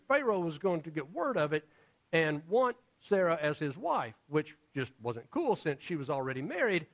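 A male pastor preaches in a relaxed, conversational storytelling style, often acting out the figures he describes. His voice sits a little higher than most men's, and his pitch swings widely and expressively. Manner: casual, storytelling with acted-out voices. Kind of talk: sermon.

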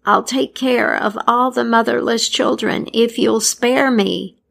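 A woman doing a high, coaxing old crone. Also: fairly even intonation, unhurried, gravelly, a bit bright, full character voice. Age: older. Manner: pleading, coaxing.

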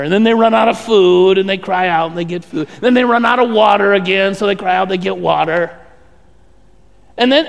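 A middle-aged man preaching a sermon as pastor, telling the story in a conversational, animated way with many restarts. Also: high voice, creaky, clean tone, big-room sound.

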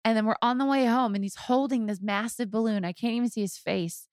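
This is a woman in her thirties co-hosting a casual podcast, her voice sitting a little high. She tells family stories in an animated, chatty way and laughs often. The sound is close and dry. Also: fairly quick, no room sound. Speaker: podcast co-host. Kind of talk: casual chat.

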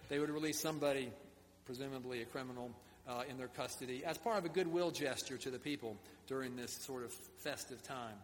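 A man's voice: mid-range voice, brisk, long reverb tail, slight background noise. A man preaching a sermon in a conversational way, with asides to the congregation. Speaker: pastor.

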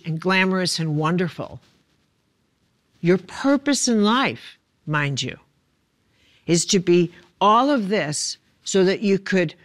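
A woman, a spiritual author and speaker, teaching in a reflective, emphatic way and often putting questions to the listener. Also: fairly low pitch.

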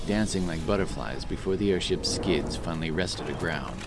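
A man narrating a fantasy novel in a steady storytelling manner, over background music. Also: low-pitched, normal speed, background noise. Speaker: audiobook narrator.

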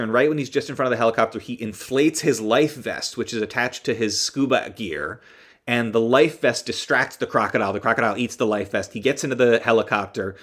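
A man's voice: mid-range voice, a bit bright. A man hosting a podcast who recaps a movie in a casual, rambling, joking way, correcting himself as he goes. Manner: rambling, joking, with many ums and self-corrections. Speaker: podcast host.

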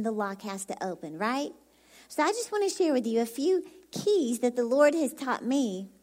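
Texan lady preaching, sounds like a little kid, super high voice, giggly and chatty. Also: darkish tone. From Dallas, Texas. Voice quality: very youthful, childlike voice. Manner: bubbly and chatty, laughs often. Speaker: guest speaker. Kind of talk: sermon.

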